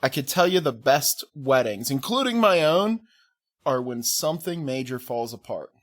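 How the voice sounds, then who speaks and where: A man's voice: medium pitch, animated, normal speed. A man co-hosting a podcast, telling personal stories in casual chat, often laughing as he talks. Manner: laughing, chatty storyteller. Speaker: podcast co-host.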